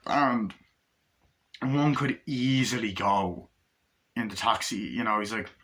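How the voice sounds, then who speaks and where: A man's voice: fairly low pitch, slow, fairly bright tone. A young man giving a casual, rambling and profane film review, acting out scenes as he retells them. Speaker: movie reviewer.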